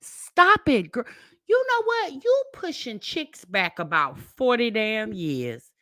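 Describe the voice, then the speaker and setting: A woman hosts a reaction commentary, her voice high and swinging widely in pitch. She talks in a sassy, mocking way and breaks into loud outbursts, with a bright edge, recorded dry and close. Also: very animated, slow pace, dry recording. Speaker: reaction video host. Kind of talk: commentary on a played clip.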